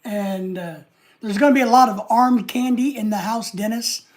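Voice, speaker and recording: A woman's voice: on the high side, moderate pace. A woman hosting a casual live stream, rambling and reading viewer comments aloud.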